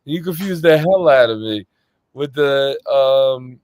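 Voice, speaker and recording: A man hosting a casual podcast chat, telling stories animatedly with loud laughs and acted-out voices. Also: mid-range voice, lively intonation, measured pace, clean tone, dry recording. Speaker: podcast host.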